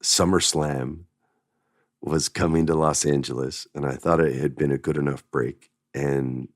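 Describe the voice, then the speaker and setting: A man's voice: rumbling low, fairly even intonation, measured pace, dry recording, studio quality. A middle-aged man hosting a podcast, telling a personal story with emotion and getting choked up at times. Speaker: podcast host.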